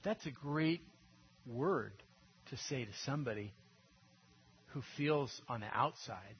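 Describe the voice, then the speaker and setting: A man preaching a sermon in an earnest, conversational way, dropping to a hush and then rising to emphatic peaks. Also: medium pitch, lively intonation, slow pace, muffled recording, a little hiss or hum. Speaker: pastor.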